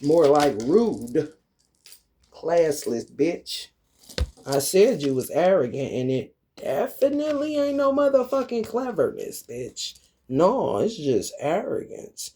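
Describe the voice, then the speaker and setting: A man delivers a cursing, confrontational rant straight at his targets. He swaggers and taunts, and his voice swings widely between high and low. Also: dark tone, slight background noise. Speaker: vlogger.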